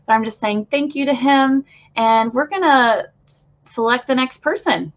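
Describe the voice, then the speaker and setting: A woman talks loosely and warmly to her live-stream viewers, filling pauses with plenty of ums and restarts. Her voice sits a little high. The audio is dull and lo-fi, like a compressed stream. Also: animated. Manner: chatty, loose, many fillers. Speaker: spiritual channeler hosting a live stream.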